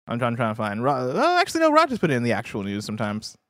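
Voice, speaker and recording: A man's voice: medium pitch, wildly swooping pitch. Playful man hosting a gaming show. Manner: playful, reads release lists briskly. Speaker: host. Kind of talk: casual chat on a gaming news show. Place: studio.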